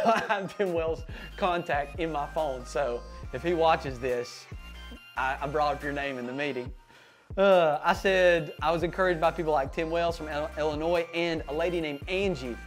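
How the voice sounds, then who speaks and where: A young man, hosting a casual hunting vlog and telling a rambling, excited story full of fillers. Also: a little high. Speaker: hunting channel host.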